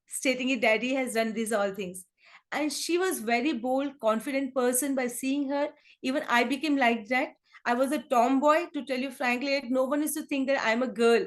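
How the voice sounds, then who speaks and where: A woman with an Indian accent, a kindergarten teacher answering interview questions in an earnest, conversational way, mixing English and Hindi with many fillers. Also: sits high. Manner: switches between English and Hindi, many fillers like "and all", "you can say"; earnest, emotional in places.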